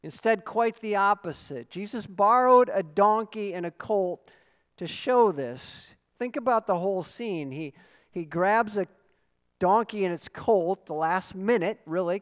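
Preaching in a long church reverb, this pastor teaches earnestly in a slightly high voice. At times his delivery swells into emphatic calls.

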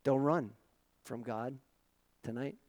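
A middle-aged man preaching a sermon as pastor, asking rhetorical questions and swinging between loud emphatic lines and soft asides. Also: mid-range voice, takes it slowly, no room sound, poor audio.

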